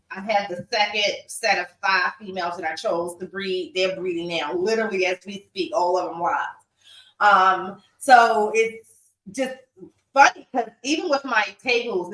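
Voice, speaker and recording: An outspoken, animated woman talks casually on a home livestream and laughs often. She sits a little back from the mic, so her voice sounds a bit distant. The room around her is echoey. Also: medium pitch. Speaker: podcast co-host and reptile breeder.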